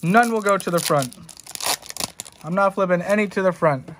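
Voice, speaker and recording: There's background noise as a young male streamer unboxes trading cards. Speaking high at a moderate pace, he rambles, jokes, and swears his way through chatting with viewers.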